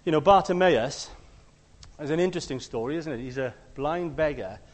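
A man preaching a conversational sermon. He tells stories and acts out the quotes, sometimes shouting them loudly. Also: on the high side, expressive, moderate pace, long reverb tail.

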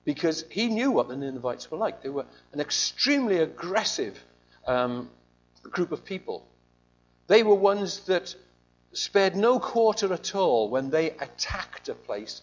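A man preaching a sermon in an animated, conversational storytelling way, on a slightly muffled recording. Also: on the high side, unhurried, a little hiss or hum.

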